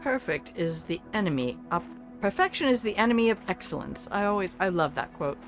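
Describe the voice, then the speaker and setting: A woman's voice: mid-range voice, big pitch swings, brisk, soft background music. An older woman chatting casually as she streams a video game. She talks back to the game and swears offhandedly. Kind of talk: casual live-stream gameplay commentary.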